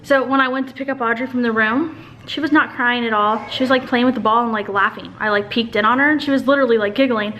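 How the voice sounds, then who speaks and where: A woman's voice: a little high, steady tone, quick pace, bright, forceful tone, lo-fi sound, a little hiss or hum. A young woman vlogging in a casual, rambling chat to the camera, filling her talk with "like". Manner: chatty, rambling, fills with "like". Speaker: family vlogger.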